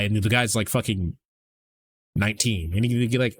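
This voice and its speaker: A man's voice: medium pitch, normal speed. A man hosting a live stream, talking in a casual, rambling way and swearing freely. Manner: rambling, profane, conversational. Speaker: streamer host.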